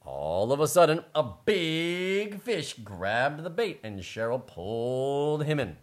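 A woman co-hosting a relaxed bilingual chat and reading a children's story aloud, laughing and playful. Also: sits low, slow. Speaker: co-host and story reader.

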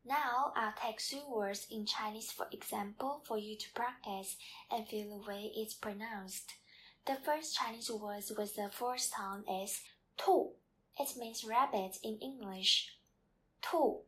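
Woman, language teacher, unhurried delivery, patient repetitive drilling, lesson style. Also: mid-range voice, a bit bright.

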